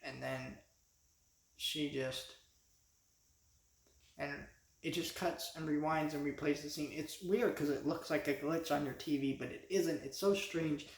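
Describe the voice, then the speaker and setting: A man's voice: a little high, steady tone, unhurried, vocal fry, long pauses. Rambling man in an echoey room. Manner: rambling, frequent restarts and fillers. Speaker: vlogger reviewing a TV episode. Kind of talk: casual spoken review.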